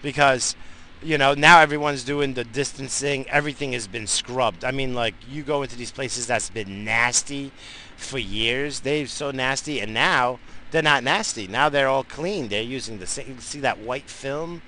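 A man's voice: mid-range voice, moderate pace, sharp tone, a little hiss or hum, low-quality recording. Profane New dad ranting in his car. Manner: profane, blunt, heated. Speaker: father vlogging while driving. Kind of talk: rambling casual rant. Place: in a moving car.

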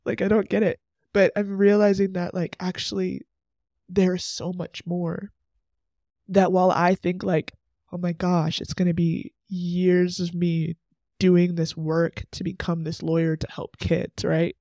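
A man's voice: sits high, flat delivery, measured pace, vocal fry, dark tone, no room sound, clean studio sound. A man in his twenties hosting a faith podcast, talking earnestly and emotionally in a chatty way, full of "like" asides. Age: 20s. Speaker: podcast host.

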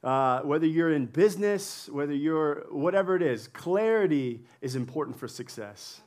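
A man with a fairly high voice preaches a sermon in a church. He sounds relaxed and playful, chatting with the congregation and laughing as he goes. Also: normal speed. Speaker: pastor. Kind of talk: sermon with audience interaction.

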